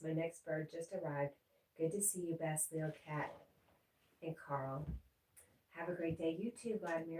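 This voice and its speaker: A woman with a low, mellow voice chats her way through a live stream, reading viewer comments aloud. She often breaks into cooing, laughing baby talk for her pets. The sound is roomy and a bit distant, with a faint hiss underneath. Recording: echoey room, voice a bit off-mic, faint noise.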